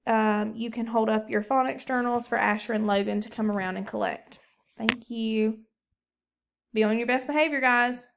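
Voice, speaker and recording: A woman teacher giving a recorded phonics lesson, talking slowly and encouragingly to young pupils. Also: on the high side, creaky.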